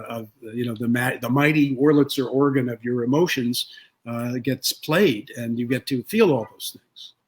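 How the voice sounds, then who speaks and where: A man in a relaxed interview speaks slowly and thoughtfully, pausing often with "uh" as he tells a story. His voice sits at an ordinary middle pitch. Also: husky. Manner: unhurried, thoughtful, many "uh" pauses. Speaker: guest author.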